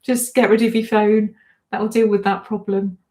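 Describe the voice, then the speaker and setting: A woman hosts a casual livestream, reading comments aloud, chatting in a self-deprecating way and repeatedly dissolving into giggles. Her warm, medium-pitched voice moves little in pitch and keeps a moderate pace.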